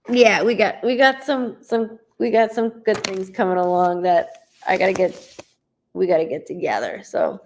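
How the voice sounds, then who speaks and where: A gravelly-voiced woman talks to her livestream viewers as a psychic medium. She rambles chattily, greets people by name and swears lightly, recorded at home through a laptop mic. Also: mid-range voice, darkish tone. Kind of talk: casual livestream chat with viewers.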